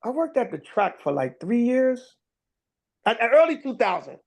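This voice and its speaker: Brief: male online commentator, high voice, rambling, coarse, casual religious talk. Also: very animated, moderate pace, vocal fry. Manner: rambling, profane, many fillers and restarts.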